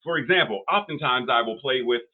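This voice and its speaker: Older male minister, mid-pitched, sermon delivery with emphatic builds, tinny phone-like audio. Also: animated. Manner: preacherly, rising emphatic phrases and pauses.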